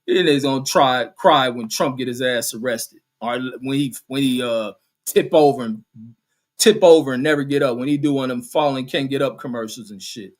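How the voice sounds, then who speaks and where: A middle-aged man ranting on a live stream, cursing heavily and using street slang. He reads viewer comments aloud and fires back at them, combative and unfiltered. His voice sits at an ordinary middle pitch. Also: a little fast. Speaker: show host reading chat comments. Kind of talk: profane live-stream rant.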